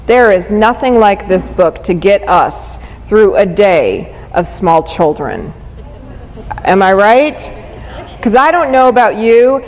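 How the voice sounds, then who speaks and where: A woman giving a humorous talk to an audience with slow, dry comic delivery. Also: mid-range voice, lively intonation, a little mellow. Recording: echoey hall.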